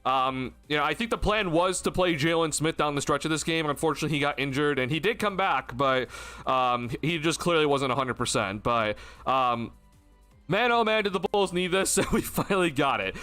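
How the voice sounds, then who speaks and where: Young male streamer, high and bright, loose excitable postgame chatter, swears freely. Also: fairly quick, soft background music. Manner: excitable, swearing, many fillers and laughs. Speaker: sports stream host. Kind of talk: casual postgame rant.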